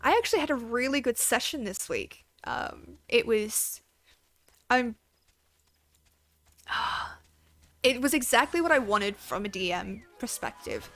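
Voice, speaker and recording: A woman's voice: fairly high pitch, big pitch swings, takes it slowly, long pauses, fairly bright tone, dry recording. A woman game streamer chatting casually and giggling, swearing now and then. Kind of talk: casual live-stream chat.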